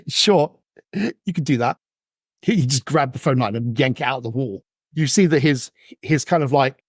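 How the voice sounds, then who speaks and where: A man narrating as game master in a relaxed, chatty way, laughing often. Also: medium pitch, no echo, clean studio sound.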